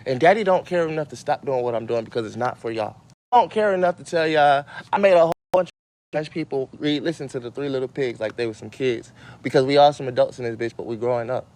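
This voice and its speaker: A man's voice: mid-range voice, fast, darkish tone. A man hosting a casual livestream, rambling and cursing as he talks straight to his viewers. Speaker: livestream host.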